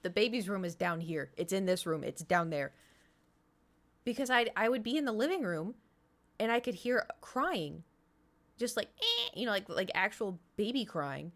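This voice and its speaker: A woman's voice: mid-range voice, lively intonation, normal speed. Chatty woman telling stories. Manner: chatty storytelling with sound effects and whispered swearing. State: voice slightly strained. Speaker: streamer. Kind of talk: casual chat to a live stream audience.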